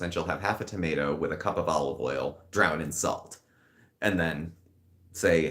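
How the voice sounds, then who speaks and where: A man's voice: low voice, normal speed, fairly bright tone. A man co-hosting a casual live-stream commentary show, chatty and sardonic, with sudden mocking asides. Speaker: commentary channel co-host.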